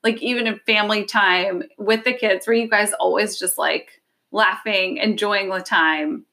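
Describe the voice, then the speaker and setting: A woman's voice: medium pitch, steady tone, sharp tone. Encouraging woman interviewer. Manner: encouraging, quick reactions. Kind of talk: casual interview.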